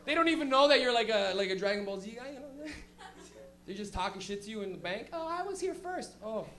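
Guy doing standup at a comedy club, high voice that swings all over, swears a lot, laughs a ton. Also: fast talker. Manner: animated, profane, laughs often, shouts for effect. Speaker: stand-up comedian and show host. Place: live comedy club stage.

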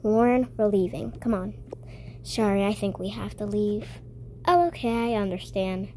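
A woman's voice: medium pitch, moderate pace, a little mellow, slight background noise, lightly acted. A young woman or girl playing a weary, firm mother in a toy-game role-play, talking matter-of-factly. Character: tired, firm mother of two kids.

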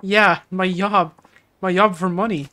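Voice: mid-range voice, moderate pace, a bit bright, close to an everyday voice. A streamer reading the lines of a struggling foreign woman from a video game, speaking broken English and swapping "j" sounds for "y". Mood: pleading.

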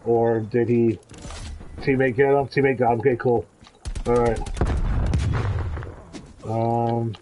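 A man giving live commentary on his own shooter game, excitable, swinging between quiet muttering and high yelps and pleading. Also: lo-fi sound, slight background noise. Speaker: gaming streamer. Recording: gunfire and game sounds behind the voice.

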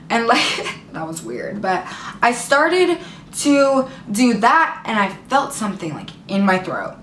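A woman's voice: medium pitch, a little hiss or hum. A young woman vlogger telling a story to camera in a casual, dramatic way, full of "like" fillers. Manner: animated, dramatic retelling with many "like" fillers. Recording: echoey room.

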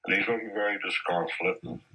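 A man telling measured stories about his years as a mine boss in an archive interview. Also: low voice, expressive, pushed and bright, breathy edge, rough recording. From Australia. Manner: measured, anecdotal, with occasional restarts. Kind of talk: reminiscing storytelling in an interview.

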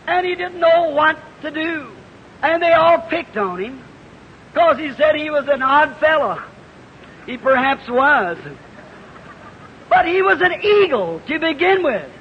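This is a man with a strikingly high voice, preaching a fervent revival sermon in a large hall. The old recording is muffled and hissy, and his words echo through a long reverb. He moves from easy storytelling to impassioned shouting. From United States. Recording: lo-fi 1950s hall recording with hiss.

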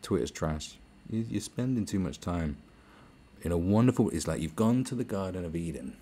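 British male podcast host with a low, dark, gravelly voice, ranting sarcastically and swearing. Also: lively intonation, fairly quick, a little hiss or hum. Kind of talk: podcast monologue.

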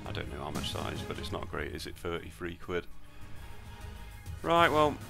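A man's voice: low voice, big pitch swings, moderate pace, creaky, bright, forceful tone, faint music behind. Sweary, sarcastic British man. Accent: British English. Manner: sweary, sarcastic, mutters to himself. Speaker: slot streamer. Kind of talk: casual live slot commentary.

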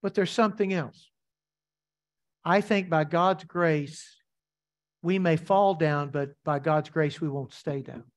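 A man's voice: a little high, slow, pauses often. A man preaching a sermon as pastor, emphatic and repetitive, asking the congregation rhetorical questions.

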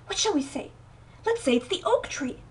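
Woman putting on two shrill, haughty storybook sisters. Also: big pitch swings, moderate pace. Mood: flustered. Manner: shrill, boastful and haughty, stammering when caught out. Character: two proud, cruel young sisters speaking together. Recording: voice a bit distant from mic.

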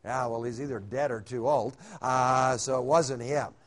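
A man's voice: medium pitch, steady tone, moderate pace. Male Bible conference speaker, folksy sermon delivery, filler-heavy, jokes along the way. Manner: folksy, with frequent "uh" fillers and humorous asides. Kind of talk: sermon-style Bible teaching. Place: hotel conference room.

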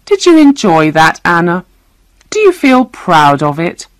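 A woman's voice: on the low side, huge pitch swings, unhurried, dry recording. A woman reading a storybook voices a frightened, angry young woman who accuses her captors through tears. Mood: accusing. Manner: accusing, tearful.

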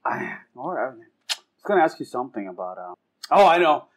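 A man's voice: mid-range voice, big pitch swings, fairly quick, slightly rough. A man co-hosting a casual podcast, mostly reacting, asking questions, then giving his opinion. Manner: short reactions, asks questions, gives opinions. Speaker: podcast co-host. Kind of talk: casual chat.

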